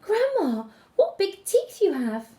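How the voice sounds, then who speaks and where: A woman's voice: very high voice, sing-song, takes it slowly, pitched above the performer's own voice, heavily acted. A woman voicing a brave, cheerful little girl in a read-aloud fairy tale, speaking boldly. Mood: bold, childlike. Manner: bold, bright.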